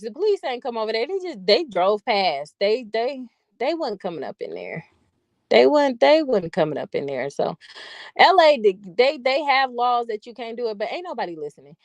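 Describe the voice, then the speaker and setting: A woman's voice: medium pitch, no room sound. A woman hosting her own vlog, telling loose, profane stories in a casual, chatty way with laughing asides. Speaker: vlog host. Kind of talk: casual storytelling monologue.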